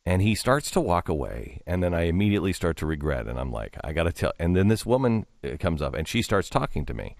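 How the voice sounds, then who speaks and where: Middle-aged guy on talk radio, low voice that swings up and down a lot, dry studio sound. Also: big pitch swings, vocal fry, darkish tone, no room sound. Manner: rambling, halting with many restarts, drops low for quoted asides. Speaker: radio host. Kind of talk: casual storytelling on talk radio. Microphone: studio microphone.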